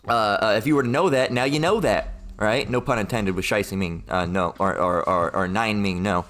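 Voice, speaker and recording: A man's voice: on the low side, a bit bright. A man preaching in a loose, rambling way. He is blunt and profane, keeps asking "all right?" and "okay?", and mocks opponents in raised put-on voices. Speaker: street-style preacher. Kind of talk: informal preaching rant.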